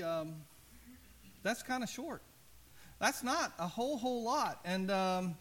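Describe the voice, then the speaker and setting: Man, pastor, sermon, high voice, earnest conversational delivery, goes quiet for emphasis. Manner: conversational, earnest, often drops soft and low for emphasis.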